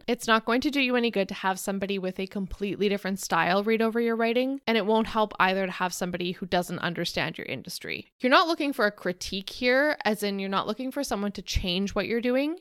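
A woman's voice: mid-range voice, fairly bright tone, clean tone, dry recording. Chatty woman podcaster, dry close sound. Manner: chatty, candid and self-deprecating. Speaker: podcast host. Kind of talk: solo podcast talk.

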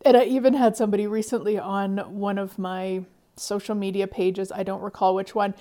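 A middle-aged woman coaching listeners about money, soft-spoken, sighing often and dropping to whispers. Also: mid-range voice, level tone, normal speed. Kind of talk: motivational talk.

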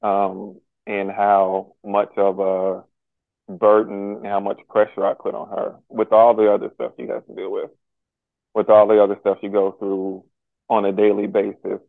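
Earnest male guest on a remote call, slow and halting, flat delivery, tinny dry phone sound. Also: on the low side, vocal fry, no echo. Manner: halting and earnest, many pauses and restarts. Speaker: podcast guest. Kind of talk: candid personal conversation.

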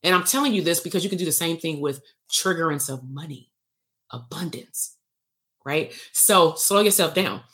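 Her voice is low and a bit bright, delivered at a moderate pace. As a bootcamp host and therapist coach leading a live online workshop, she tells an animated, casual story, acting out the exchanges and laughing often in a salty way.

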